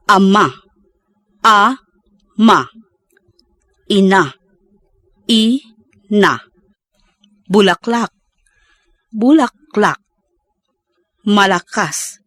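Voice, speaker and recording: A woman reading vocabulary slowly and deliberately for learners to repeat, enunciating each word with care. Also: mid-range voice, fairly bright tone, no echo. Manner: slow, deliberate, carefully enunciated. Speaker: pronunciation model speaker.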